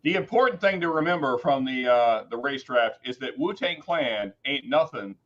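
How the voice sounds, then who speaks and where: A man's voice: mid-range voice, animated, moderate pace, fairly bright tone, highs cut off, slight background noise. A man co-hosting a casual livestream chat in a joking, easygoing way. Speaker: livestream co-host.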